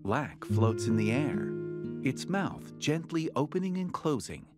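A man's voice: medium pitch, very animated, a little slow. A man narrating a card game in a storybook, second-person style. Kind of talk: scripted narration. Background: game music.

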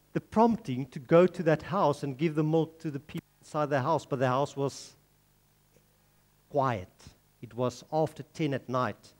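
A man's voice: a little high, darkish tone. A man preaching a sermon, telling a story and then earnestly pleading with his listeners. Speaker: pastor.

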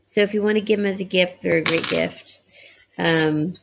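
A tired woman chatting slowly on a home live stream, selling jewelry and yawning between deals. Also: lowish voice, steady tone, creaky, noisy background. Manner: slow, sleepy, chatty, laughs often. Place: home, by a small decorated tree.

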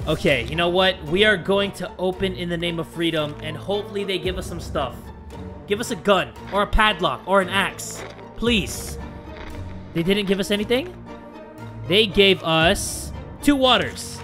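A young man playing a survival game, reading its text aloud and reacting with excitable, sometimes profane commentary. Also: high-pitched, normal speed, soft background music. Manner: excitable, reads game text aloud, swears, yells at setbacks. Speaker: gaming YouTuber. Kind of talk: let's play commentary.

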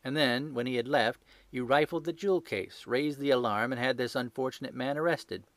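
A man voicing a sharp, commanding gentleman detective who speaks coolly, sternly and precisely. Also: mid-range voice, fairly quick, dry recording, natural voice.

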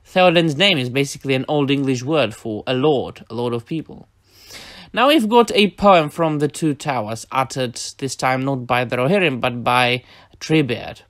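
A man at middle pitch talks through a lesson on poetry, reading passages from his own article in a measured, explanatory way. His voice sounds close and dry, with little room around it. Now and then he pauses on a filler before going on. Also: lively intonation, fairly bright tone, dry recording. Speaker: educator explaining literature.

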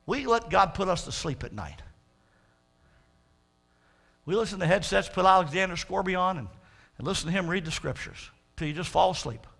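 A man's voice: high voice, animated, moderate pace, vocal fry, pauses often, fairly bright tone. A male pastor preaching a fervent sermon, stretching out his quotes of scripture for emphasis.

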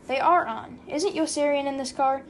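A man's voice: extremely high pitch, normal speed, slight background noise, pitched above the performer's own voice. A woman voicing a drunken, boisterous male army pilot in an audiobook reading. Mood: rowdy.

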